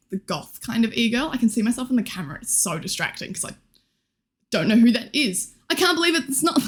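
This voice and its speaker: A young woman streaming live, chatting casually and greeting viewers, giggly and scattered, her voice a little worn. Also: fairly high pitch. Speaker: Twitch streamer.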